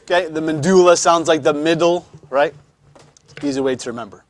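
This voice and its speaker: A man teaching a classroom lecture, pausing often to explain in a conversational way and repeating his words. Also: on the high side.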